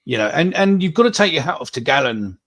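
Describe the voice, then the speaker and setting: A man's voice: on the high side, very animated, fast talker, a bit bright. A man co-hosting a live football podcast, talking bluntly and swearing freely. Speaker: podcast co-host. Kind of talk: casual live-stream chat.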